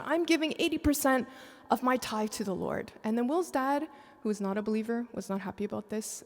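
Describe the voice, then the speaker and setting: A woman's voice: medium pitch, a little mellow. A woman on a church panel telling a personal faith story with feeling. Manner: emotional storytelling, breaks into tears. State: tearful, voice breaking. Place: large church sanctuary. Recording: long echo of a big sanctuary.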